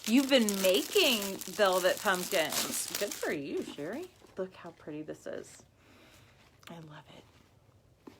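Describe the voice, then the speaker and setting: A woman's voice: mid-range voice, sing-song, measured pace, hardly any pauses, background noise. A woman hosting a casual live craft demonstration, chatty and gushing, calling her viewers y'all. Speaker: craft shop owner hosting a live video.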